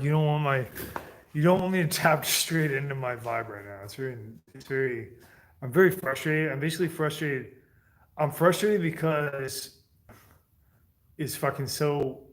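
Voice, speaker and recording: A man talks casually on a livestream in a middling voice, rambling and swearing as he answers his viewers. A faint noise sits behind him. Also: mid-range voice. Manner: profane.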